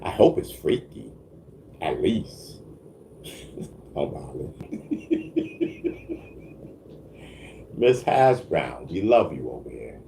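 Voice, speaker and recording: A man's voice: low voice, sing-song, very slow, pauses often, mellow, slight background noise. Guy on his stream talking to chat, bouncy up-and-down voice, stuttery, laughs a lot. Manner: stammering restarts, frequent laughs, keeps asking "you know what I mean". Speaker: livestream host answering chat. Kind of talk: casual livestream chat.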